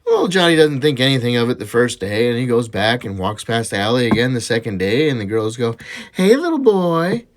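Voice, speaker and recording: A man's voice: mid-range voice, brisk, few pauses. A man telling jokes in a casual, chatty way and laughing at his own punchlines. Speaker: joke teller.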